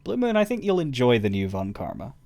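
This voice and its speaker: A man's voice: mid-range voice, huge pitch swings, a little fast, vocal fry, darkish tone. A man streaming a game, chatting casually in a rambling way, stammering and chuckling as he talks to his chat.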